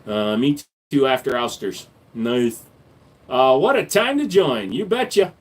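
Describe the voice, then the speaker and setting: A man's voice: medium pitch, sing-song, slow pace. A man hosting a casual livestream, reading viewer comments and answering with blunt, profane jokes. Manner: profane, blunt, joking banter with chat. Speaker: livestream host reading chat.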